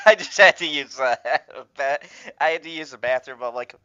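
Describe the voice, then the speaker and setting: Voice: mid-range voice, animated, normal speed, bright, forceful tone, muffled recording. A co-host of an online review show chatting casually over a video call, laughing often and restarting sentences. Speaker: podcast co-host.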